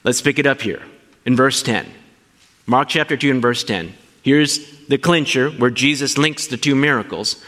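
A man preaching a sermon, animated and asking his listeners questions as he teaches. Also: medium pitch, moderate pace, in a large hall. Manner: animated, asks the congregation questions. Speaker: pastor.

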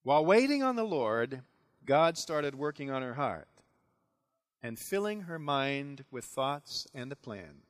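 A man preaching a sermon, retelling a biblical story with dramatic, animated delivery. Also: mid-range voice, a little slow. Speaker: pastor.

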